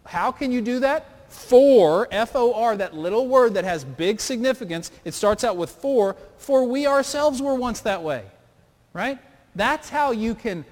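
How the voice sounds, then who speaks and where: A man preaching a sermon with an earnest, questioning preacher's cadence, recorded in a church sanctuary. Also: high voice. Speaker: pastor. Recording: long hall reverb.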